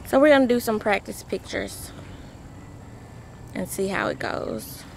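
A woman's voice: medium pitch, huge pitch swings, unhurried, creaky, a little mellow, slight background noise. A pregnant woman chatting playfully in a casual family vlog, filmed on a handheld camera. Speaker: vlogger.

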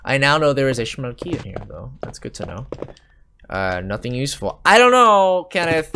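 Lively, rambling gamer man swearing casually. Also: mid-range voice, a little fast, vocal fry, slight background noise. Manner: rambling, self-mocking, profane. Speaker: gaming channel host. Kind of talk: casual Let's Play commentary. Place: home room.

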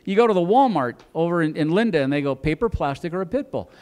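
Middle-aged male stand-up, rambling and stammering, slightly high-pitched, live club set. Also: animated, quick pace, darkish tone. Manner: rambling, stammering delivery with many restarts. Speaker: stand-up comedian. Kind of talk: stand-up storytelling. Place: comedy club stage.

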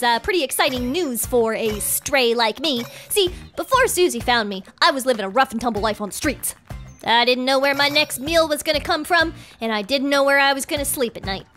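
A woman narrating a game story in the first person with excitable, fast chatter. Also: sits high. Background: background music.

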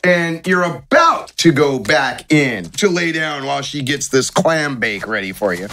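Man, game master, tabletop game narration, laid-back, slightly high voice. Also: animated, measured pace, pushed and bright, slight background noise. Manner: laid-back, laughs along with players.

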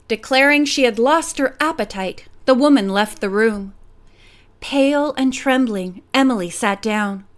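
Woman narrator, high voice, clear and even audiobook reading. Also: unhurried.

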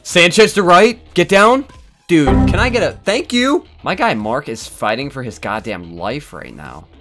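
A man giving excited live commentary on his own video game match, swinging from low muttering to loud yelling and swearing often. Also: a little slow, faint music behind. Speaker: gaming YouTuber.

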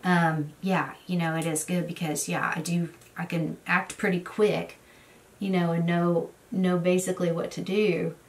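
A woman vlogger in casual chat, her voice sitting fairly low for a woman. She rambles through stories with plenty of fillers and restarts, heard from a slightly distant mic. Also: level tone, measured pace. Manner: rambling storyteller, many fillers. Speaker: beauty vlogger. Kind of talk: casual get-ready-with-me chat.

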